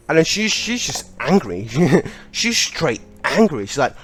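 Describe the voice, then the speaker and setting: A man's voice: fairly high pitch, very animated, moderate pace, few pauses, a bit bright, soft background music. A young man casually telling a funny school story, laughing as he goes. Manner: chatty, laughing, lots of "like".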